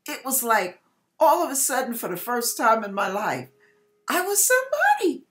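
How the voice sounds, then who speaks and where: A woman's voice: on the high side, expressive, normal speed, fairly bright tone. A woman hosting her own channel, telling a heartfelt personal testimony and sometimes close to tears. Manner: emotional, heartfelt storytelling with quoted exclamations. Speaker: host.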